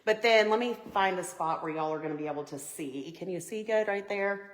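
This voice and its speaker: A home decor livestream host runs a live Christmas decorating tutorial from her living room beside the tree, greeting viewers by name in a chatty, upbeat way. She speaks at a fairly low pitch and a little fast, with roomy sound and poor audio quality.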